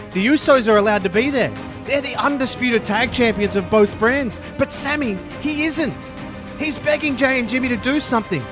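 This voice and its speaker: A man narrating a scripted story in an upbeat, energetic way. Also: high voice. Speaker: YouTube storyteller.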